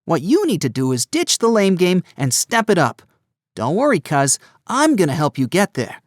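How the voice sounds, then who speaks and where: A man's voice: high voice, wildly swooping pitch, normal speed, no room sound, clean studio sound, voice pushed up. A man voicing a teasing, boisterous teenage boy in an audiobook, playful and needling. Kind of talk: audiobook character voice.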